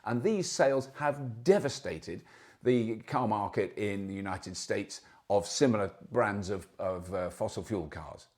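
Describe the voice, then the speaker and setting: A man's voice: fairly low pitch, a little slow, a little mellow. A man in his sixties hosting a show, giving casual news commentary with chatty, anecdotal asides. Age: 60s. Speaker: show host.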